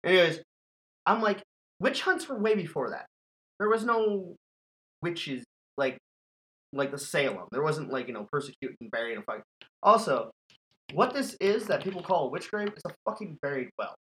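A man's voice: on the high side, expressive, moderate pace, pauses often, pushed and bright, rough recording. A man hosting a podcast, telling a scary story in casual, profane chat and laughing often. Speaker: podcast host.

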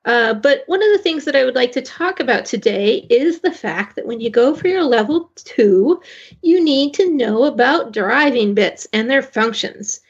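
A woman guest on a radio talk show, explaining carriage driving certification with many pauses and restarts. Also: high-pitched, animated, slightly rough, dull audio. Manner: hesitant, many fillers and restarts. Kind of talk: casual radio interview.

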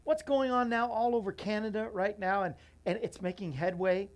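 A man's voice: high voice, steady tone, moderate pace. A man hosting a morning show from a small bookstore studio, chatting casually and rambling to viewers. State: out of breath. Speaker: host.

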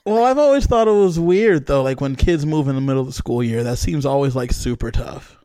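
A man's voice: mid-range voice, lively intonation, fairly quick, warm tone, no room sound, clean studio sound. A man from California co-hosting a casual chat, easygoing and curious, with lots of fillers.

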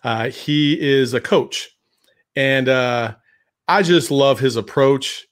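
A man's voice: medium pitch, takes it slowly, smooth. A man co-hosting a podcast, blunt and playful in casual chat, laughing often. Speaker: podcast co-host.

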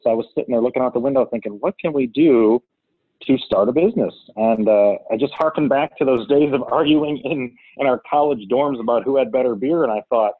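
A man's voice: mid-range voice, breathy edge, no echo. A man in his thirties from Cleveland, a business co-founder telling his story in a casual interview, chatty with lots of fillers, heard over a call line. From Cleveland, Ohio. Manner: chatty, filler-heavy, restarts often. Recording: tinny phone-call line.

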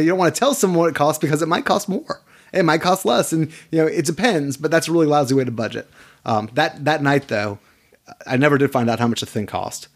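A man who works as an attorney, talking casually as a podcast guest. He tells stories with energy and often repeats his first words. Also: fairly high pitch. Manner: animated storyteller, repeats words when starting sentences.

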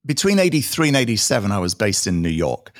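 A man in his fifties with a British accent picked up American phrasing, telling stories in a casual interview with animated asides. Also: lowish voice, no room sound, studio quality. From British Isles. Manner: animated, quick asides and acted-out quotes. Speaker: guest.

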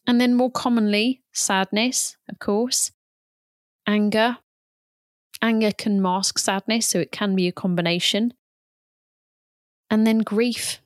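A woman in her thirties, a yoga teacher, talking gently and candidly about her own experience in an unhurried, reflective way. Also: mid-range voice, no echo, studio quality. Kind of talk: reflective personal talk.

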